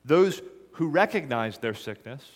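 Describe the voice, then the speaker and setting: A man's voice: medium pitch, lively intonation, a little slow. Preaching man in a reverberant hall. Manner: earnest preaching, dropping to a hush on key lines. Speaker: pastor. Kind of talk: sermon.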